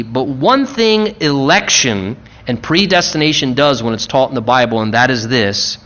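A man preaching a sermon, with emphatic repetition, slowing down for stress and rushing through quick asides. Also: fairly high pitch, pushed and bright, muffled recording. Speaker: pastor.

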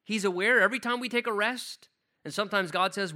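Male preacher, high and bright, emphatic scripture reading, conversational asides. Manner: emphatic, reads scripture slowly with stress; conversational, asks the audience rhetorical questions. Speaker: pastor. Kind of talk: expository sermon.

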